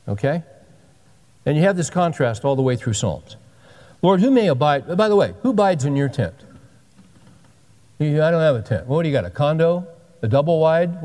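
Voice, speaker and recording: A man's voice: medium pitch, warm tone, in a large hall. A pastor in his sixties giving a sermon with folksy, joking asides. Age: 60s.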